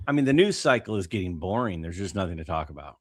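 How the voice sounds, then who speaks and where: Male podcast co-host, low voice with a wide, animated pitch range, dry close-mic sound. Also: fast, no echo. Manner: animated, storytelling with many fillers. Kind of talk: casual podcast chat.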